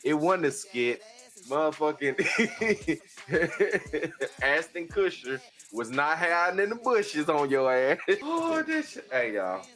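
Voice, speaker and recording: Excitable laughing man, bright voice. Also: a little high, takes it slowly. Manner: excitable, laughs loudly, addresses listeners as y'all. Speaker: podcast co-host. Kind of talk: casual podcast chat.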